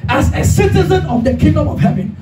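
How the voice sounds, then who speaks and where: A man's voice: extremely high pitch, animated, quick pace, mellow. A man preaching a sermon as pastor, emphatic and calling the congregation to repeat after him. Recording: echoey hall, distant mic, music behind.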